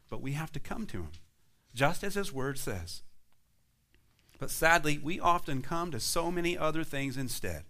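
A man's voice: high-pitched, sharp tone. A man preaching a sermon as pastor, building emphatic repeated phrases and sometimes laughing lightly at himself. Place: church sanctuary.

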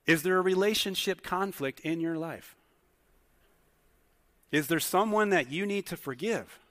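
A male pastor preaches conversationally to his congregation in a church hall, asking them many questions. His voice is high-pitched and fairly bright, a little slow, and a long hall reverb trails his words.

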